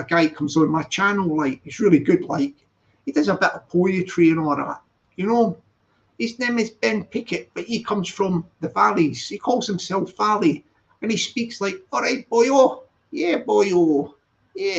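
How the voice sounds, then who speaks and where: A man rambles through a casual live-stream chat, stopping to read the chat and correct himself. His voice sits high and has a gravelly edge. The recording sounds dull and lo-fi. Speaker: channel host.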